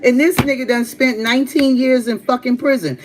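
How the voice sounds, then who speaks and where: A woman hosting a live stream, telling a story to her chat in a blunt, profane, animated way. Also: high voice, normal speed. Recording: steady background noise with passing vehicles.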